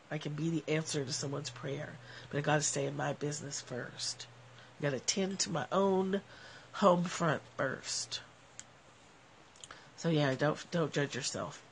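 A woman with a nasal, gravelly voice chats casually to her live viewers about spiritual ideas. She sounds relaxed and reflective, laughs often, and talks into a phone, with a faint hiss underneath. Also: low voice. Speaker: live stream host.

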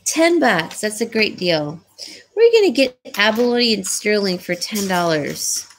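A tired woman chatting slowly on a home live stream, selling jewelry and yawning between deals. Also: medium pitch, big pitch swings, slight background noise. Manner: slow, sleepy, chatty, laughs often. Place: home, by a small decorated tree.

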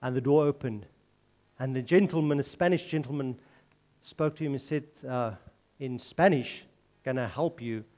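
A man's voice: mid-range voice, moderate pace, darkish tone. A man preaching a sermon, telling a story and then earnestly pleading with his listeners. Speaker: pastor.

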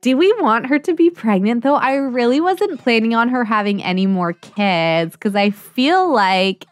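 A young woman chatting casually as she plays a life simulation game, thinking out loud and putting words in her characters' mouths. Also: on the high side, unhurried, no room sound. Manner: chatty, excitable, voices her sims in asides. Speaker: let's play streamer. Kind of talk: casual gameplay commentary.

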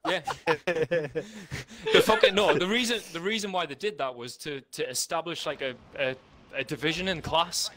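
A man's voice: fairly high pitch, moderate pace, a crowd in the background. A man with a North East English accent, a guest chatting casually and bluntly while gaming, swearing freely and laughing often. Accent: North East England. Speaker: guest band member. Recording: noisy with game gunfire behind.

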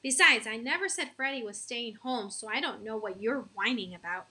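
A woman's voice: fairly high pitch, normal speed, sharp tone, slightly rough, heavily acted. A woman voicing a firm, scolding mother in a children's story. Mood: stern. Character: stern caring mother of a young boy.

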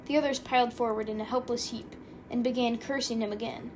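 Brief: female audiobook narrator, slightly high voice, steady storytelling. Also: fairly quick, a little hiss or hum.

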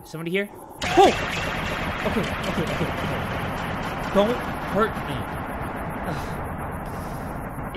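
A man's voice: high-pitched, lively intonation, takes it slowly, pauses often, heavy background noise. A man giving jumpy, joking commentary while playing a horror game, swearing and yelping at the scares and talking to his viewers. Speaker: gaming YouTuber.

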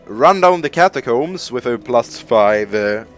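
Young male streamer, unhurried, swings his pitch widely, laughs at himself and swears freely. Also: expressive, faint music behind. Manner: rambling, self-mocking, laughs and swears a lot. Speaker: gaming streamer. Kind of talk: live gameplay commentary.

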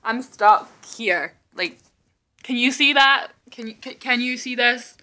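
A woman in her thirties records a casual video message from home, rambling and excitable and quick to poke fun at herself. Her voice sits somewhat high, with a bright, forward tone. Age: 30s. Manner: rambling, excitable, self-mocking. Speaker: vlogger. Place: indoors at home, seated.

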